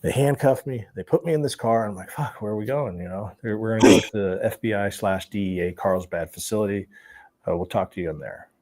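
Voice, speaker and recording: A man telling his life story in an interview, animated and profane, often laughing as he talks. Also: on the low side, brisk, slight background noise.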